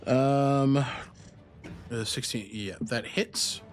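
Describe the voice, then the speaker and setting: A man running a tabletop game as game master, narrating rules and moves in an unhurried, casual way. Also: medium pitch, faint music behind.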